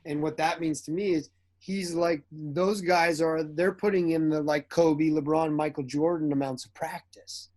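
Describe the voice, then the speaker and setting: A man's voice: a little high, normal speed. A man, an actor and director, chatting in an interview and telling stories animatedly. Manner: animated storyteller who acts out quotes, laughs often. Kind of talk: casual interview chat.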